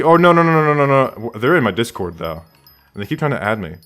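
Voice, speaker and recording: A man's voice: mid-range voice, lively intonation, fast talker, a bit bright, faint music behind. A man streaming a game live from his room at home, rambling casually and answering chat questions aloud.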